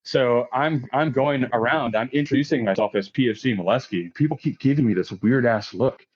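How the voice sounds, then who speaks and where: With a husky, mid-range voice and a fairly quick pace, a man in his late thirties tells a story as a podcast guest. It's casual and profane, with frequent laughs and quotes acted out in a raised voice, captured in dull lo-fi audio.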